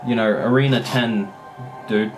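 A man giving casual, excitable commentary while playing a mobile strategy game, often swearing and laughing at his own play. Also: on the low side, measured pace, over music.

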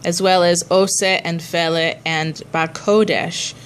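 A woman's voice: lowish voice, steady tone, slow pace, clean tone. A woman cantor teaching a class on chanting prayers, explaining patiently and chanting short examples.

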